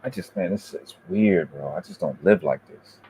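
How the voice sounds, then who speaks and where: A man hosting a debate review, ranting in heated, profane commentary that berates and swings up into shouting. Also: sits low, normal speed, a little hiss or hum.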